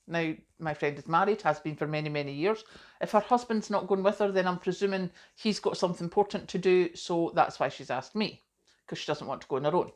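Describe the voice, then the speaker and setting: A woman's voice: fairly low pitch, fast talker. A middle-aged woman, chatting casually to camera as a vlogger, self-deprecating and full of asides.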